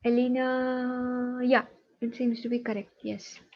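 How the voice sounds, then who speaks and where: Woman, math teacher online, patient and encouraging, raised pitch, dull call sound. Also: level tone, unhurried. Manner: patient, checking students' answers aloud.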